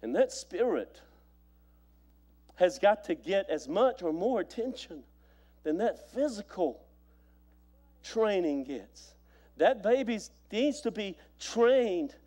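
Pastor, male, high voice, storytelling sermon delivery with repetition. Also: sing-song, slow pace, long pauses, warm tone. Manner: storytelling preacher, repeats phrases, stammers on restarts.

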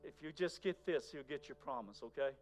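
A man preaching a sermon in a conversational way, moving between loud emphasis and near-whispers. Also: fairly high pitch, lively intonation, fairly quick, soft background music. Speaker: pastor.

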